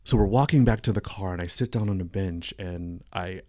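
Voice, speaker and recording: A man with a deep, low voice tells his story as a podcast guest, earnest and reflective. His words sound close and dry, with no room echo around them. He grew up in California. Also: brisk, warm tone. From Stockton, California. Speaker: podcast guest, coworking space owner. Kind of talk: casual podcast interview.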